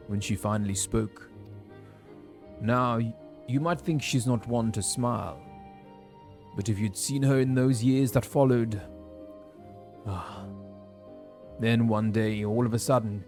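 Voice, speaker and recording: An actor playing an older male frontier villager, reading game dialogue aloud in a warm, unhurried storytelling manner with pauses. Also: fairly low pitch.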